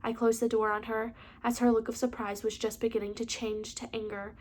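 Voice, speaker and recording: A woman's voice: fairly high pitch, little pitch movement, brisk, a little mellow, a little hiss or hum. A woman hosting her channel, reading a novel aloud with small slips and restarts. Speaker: book reader, channel host. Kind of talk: casual audiobook reading.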